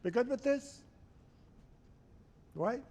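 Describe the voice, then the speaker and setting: Man, higher voice, programming lecture, conversational, checks in with the class a lot. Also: expressive, takes it slowly, warm tone. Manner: conversational, checks in with students often. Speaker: programming instructor.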